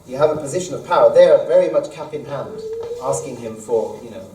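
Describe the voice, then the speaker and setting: Man imam explaining quran verses fast, reciting arabic quick, roomy hall sound from far off. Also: mid-range voice, expressive, mellow. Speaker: imam teaching a study circle. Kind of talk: Quran study lesson. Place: mosque hall. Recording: echoey room, mic far off.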